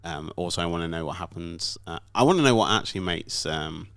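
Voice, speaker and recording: Chatty low-voiced British man. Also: animated, fairly quick, vocal fry, fairly bright tone, no echo. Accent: British English. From Britain. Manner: chatty, hesitant with many ums. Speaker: podcast co-host. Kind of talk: casual chat.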